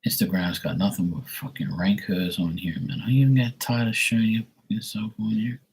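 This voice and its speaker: A man's voice: lowish voice, little pitch movement, normal speed, a little mellow, slight background noise. A man who reads tarot on a live stream, ranting bluntly and profanely to his viewers. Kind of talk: casual rant to viewers.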